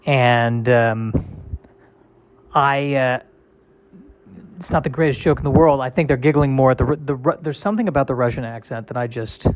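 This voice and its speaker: A man's voice: medium pitch, normal speed. A male comedian in a casual solo monologue, rambling and self-deprecating with a wry tone.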